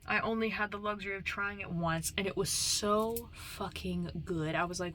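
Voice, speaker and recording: Playful rambling young woman, bright voice. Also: medium pitch, fairly quick, hardly any pauses, a little hiss or hum. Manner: rambling, playful, swings into whispers. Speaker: vlogger. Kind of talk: casual chat.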